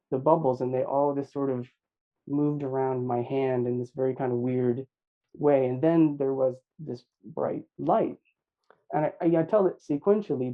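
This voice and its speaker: A middle-aged man recounting a near-death experience in an interview, reflective and halting, with many fillers and restarts. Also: mid-range voice, phone-quality sound. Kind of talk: personal account in an interview.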